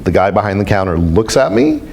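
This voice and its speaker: A man speaking as a spiritual teacher, telling stories to a group in an animated, self-mocking way. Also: on the low side, fairly quick, vocal fry. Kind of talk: storytelling talk to a group.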